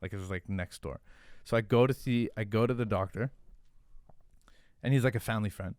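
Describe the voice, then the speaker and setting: Lowish male voice, cursing storyteller. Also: brisk, clean tone, no echo. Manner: profane, animated, lots of fillers. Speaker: podcast guest, hot sauce founder. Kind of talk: casual storytelling.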